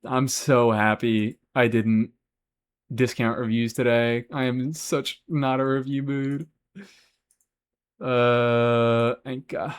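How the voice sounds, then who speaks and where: Guy streaming games, chill chatty voice, cursing casually, average pitch. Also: level tone, slow, clean tone. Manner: chatty, swears freely, answers chat. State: has hiccups. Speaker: game streamer. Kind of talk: casual live-stream chat.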